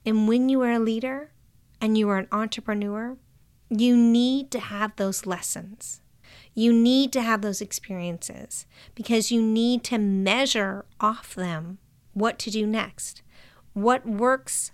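A woman giving a calm, measured motivational talk to entrepreneurs, sometimes dropping to a soft whisper. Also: on the high side.

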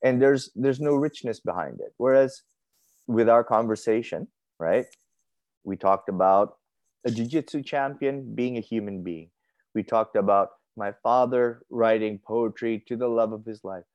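A man co-hosting a casual conversation, talking in an animated, playful and emphatic way. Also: mid-range voice, a little slow, dry recording, dull audio. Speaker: podcast co-host.

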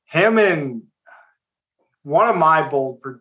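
Animated man in casual sports chat. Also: fairly high pitch, takes it slowly. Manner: enthusiastic, animated, talks in bursts. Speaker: podcast co-host.

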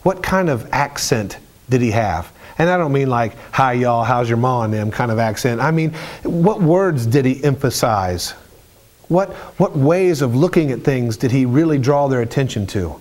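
A man preaching a sermon in an animated, storytelling way, with colloquial asides and frequent restarts. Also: mid-range voice.

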